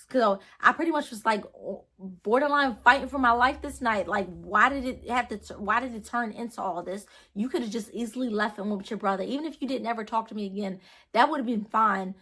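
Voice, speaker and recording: A woman's voice: fairly high pitch, a little fast, bright, forceful tone. A young woman vlogger telling a personal story in a rambling, earnest way, full of fillers and restarts. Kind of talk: storytime vlog.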